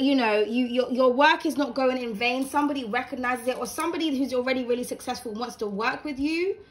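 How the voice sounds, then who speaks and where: A young woman giving a casual, encouraging tarot reading to camera at home, chatty and full of fillers. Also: high voice. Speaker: tarot reader. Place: home room with blinds open.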